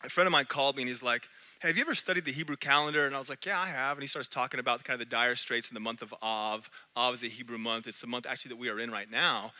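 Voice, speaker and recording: A man preaching a sermon in a church, animated, swinging between loud and hushed. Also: medium pitch, rapid-fire, few pauses. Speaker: pastor.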